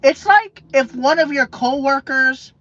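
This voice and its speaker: Brief: woman vlogger, fairly high voice, heated repetitive rant, dry lo-fi recording. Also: animated, a bit bright, no echo. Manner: emphatic, repetitive, profane, halting with fillers. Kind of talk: emotional rant to camera. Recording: dull lo-fi dry sound.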